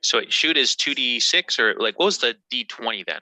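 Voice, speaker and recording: A man's voice: mid-range voice, animated, a little fast, pushed and bright, no room sound. A man playing a tabletop game, asking questions and sounding unsure of the rules. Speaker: player. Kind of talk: casual chat during a tabletop game.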